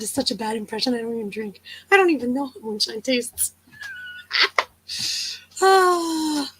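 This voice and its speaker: A woman's voice: high voice, fairly bright tone, dry recording, rough recording. A woman hosting a casual live chat, telling stories, chatting with viewers and laughing often. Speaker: livestream host.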